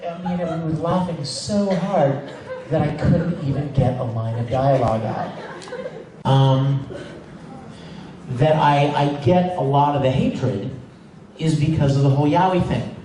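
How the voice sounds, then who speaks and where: A man tells stories on a convention panel, his animated, emphatic delivery often breaking into laughter. His voice sits a little high for a man. He is picked up from far off in a big echoing hall, with clear room noise behind. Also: slow pace, long pauses. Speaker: voice actor, convention panel guest. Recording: echoey hall recorded from far off.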